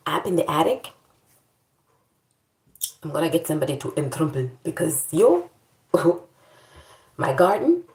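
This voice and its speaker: A woman's voice: sits low, very animated, unhurried, pauses often, darkish tone, reverberant. A woman vlogger in casual chat, complaining in a playful, dramatic way.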